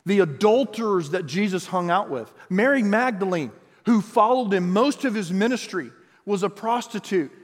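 A man's voice: high voice, lively intonation, normal speed, big-room sound. A man preaching an earnest sermon, reading scripture aloud and stretching words for emphasis. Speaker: pastor.

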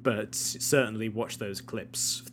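A man's voice: fairly low pitch, fairly even intonation, takes it slowly. Wry man chuckling through film talk. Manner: wry, dry humor, chuckling. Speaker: podcast co-host. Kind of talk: casual chat. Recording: faint hum and noise.

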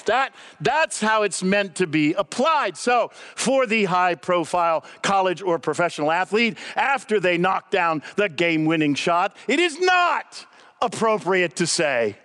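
Speaking at a normal pace in a high-pitched voice, an older guest preacher delivers a sermon in a lively, conversational way. He hammers his points home through repetition.

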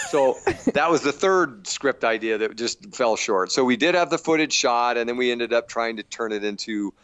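A man's voice: medium pitch, lively intonation, normal speed, pushed and bright. Profane laughing middle-aged man telling stories. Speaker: actor and producer, interview guest. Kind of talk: casual storytelling interview.

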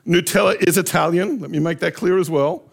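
Man, middle-aged, high voice, animated anecdotes, storytelling talk. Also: fairly quick, vocal fry. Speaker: speaker.

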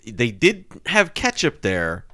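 A man hosting a podcast, chatting in a lively, joking, animated way. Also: mid-range voice, slow. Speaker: podcast host. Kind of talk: casual chat.

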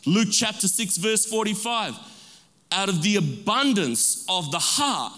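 Slow, emphatic preaching man in a hall. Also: high voice, expressive, pushed and bright. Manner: call-and-response preaching, drawn-out emphatic words. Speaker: pastor. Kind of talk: sermon. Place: church sanctuary. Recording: long reverb of a large hall.

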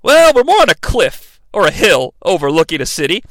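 A man's voice: sits high, huge pitch swings, fairly quick, a bit bright, no echo. A man hosting a comedic movie recap, sarcastic and profane. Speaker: movie reviewer, host.

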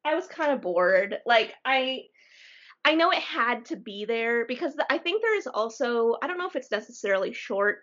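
A woman's voice: mid-range voice, fairly bright tone. A young woman co-hosting a podcast, chatting casually and laughing as she tells stories. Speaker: podcast co-host. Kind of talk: casual chat. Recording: dull lo-fi podcast mic.

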